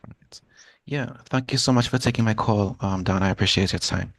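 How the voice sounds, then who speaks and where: A man calling into a livestream over a video call, halting and restarting his sentences. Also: lowish voice, dry recording. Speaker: caller. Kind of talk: casual call-in talk.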